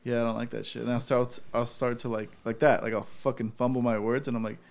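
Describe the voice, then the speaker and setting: A man's voice: medium pitch, level tone, quick pace, creaky. A man in casual chat, laid-back and reflective, swearing often.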